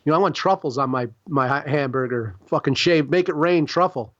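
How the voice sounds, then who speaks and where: A man's voice: a little high, brisk, a bit bright, highs cut off. A man from Chicago, a guest on a podcast interview, talking in a rambling, emphatic and profane way. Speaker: guest artist.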